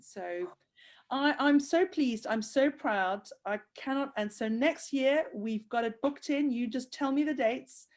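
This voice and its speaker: A woman's voice: high-pitched, a little slow. A woman hosting a video-call interview, tearful and gushing with praise for her guest. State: crying. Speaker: host of handwriting program.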